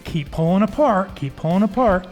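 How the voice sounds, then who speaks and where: A man's voice: high-pitched, animated, moderate pace, a little mellow, faint music behind. Man coaching a workout with encouraging cues. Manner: encouraging, calls out cues and counts. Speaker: fitness coach.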